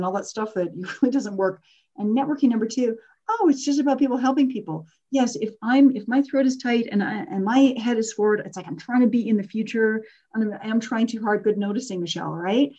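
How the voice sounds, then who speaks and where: A woman's voice: fairly high pitch, a little fast, warm tone, dull audio. Chatty woman teaching an online workshop. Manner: candid, chatty, with frequent laughs and fillers. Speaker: workshop host and coach. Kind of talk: casual online workshop talk.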